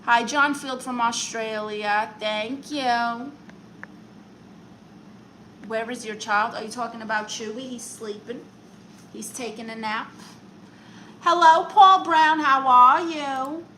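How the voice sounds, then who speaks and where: A bright, fairly high-voiced woman hosts a comedic live stream, chatting playfully with her viewers. She reads their comments aloud and answers them in a mock-serious tone. She talks close to the mic, with a faint hum of room ambience behind her. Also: takes it slowly, pauses often, low-quality recording. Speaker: comedic livestream host.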